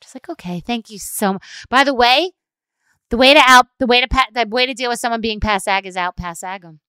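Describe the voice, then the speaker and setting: A middle-aged woman hosting a podcast, ranting animatedly and mocking a calm, whispery customer-service voice. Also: fairly high pitch, brisk, clean tone, dry recording. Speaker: podcast host. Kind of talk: solo ranting podcast talk.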